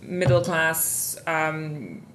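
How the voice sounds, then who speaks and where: A woman's voice: sits low, drawn-out words, fairly bright tone, slight background noise. A woman co-hosting a podcast, chatting casually with wry asides and fillers. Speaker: podcast co-host. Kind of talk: casual book chat. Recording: echoey room with faint ambience.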